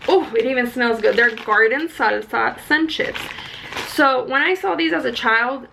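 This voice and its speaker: Young woman, casual vlog, excitable, high voice, gravelly fry, faint background hiss. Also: normal speed, rough recording. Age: young adult. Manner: chatty and excitable, high energy. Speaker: vlogger. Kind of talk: casual chat.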